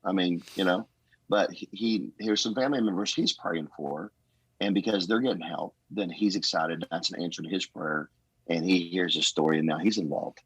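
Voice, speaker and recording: A man, a pastor, telling personal stories in a casual, animated podcast conversation and acting out what others said. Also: low-pitched, normal speed, slightly rough, no echo, low-quality recording. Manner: animated storyteller, acts out quotes. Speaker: guest.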